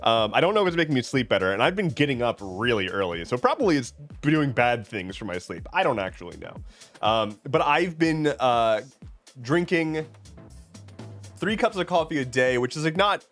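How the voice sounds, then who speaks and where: A man's voice: mid-range voice, big pitch swings, normal speed, a bit bright, faint music behind. A man streaming live, reading out chat messages and answering in a rambling, joking way with many restarts. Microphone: webcam setup at home.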